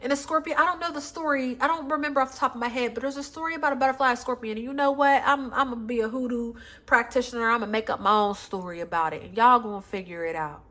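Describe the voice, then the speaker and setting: A woman's voice: fairly high pitch, fast talker, few pauses, bright, forceful tone. A woman reading tarot cards for her viewers, blunt and emphatic, swearing freely and calling listeners baby and honey. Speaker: tarot reader. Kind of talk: casual tarot reading vlog.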